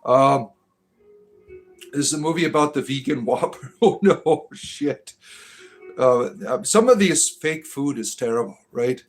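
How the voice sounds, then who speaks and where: A middle-aged man chatting casually on a livestream, talking to viewers in a rambling, halting way with frequent fillers and restarts. His voice sits at a medium pitch for a man. Faint music plays underneath. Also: expressive, rough recording. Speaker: livestream host.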